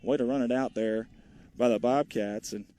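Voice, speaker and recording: A man's voice: mid-range voice, steady tone, moderate pace, warm tone. A man calling a local baseball game, chatty and joking, talking to viewers between plays and a bit out of breath. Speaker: play-by-play commentator. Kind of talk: folksy live baseball commentary. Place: outdoors at a small-town ballfield.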